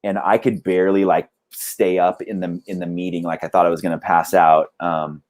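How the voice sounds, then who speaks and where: A man's voice: sits low, level tone, normal speed, darkish tone. A man who plays in a band, chatting casually over a video call, rambling with lots of "like" and "dude". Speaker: band member guest.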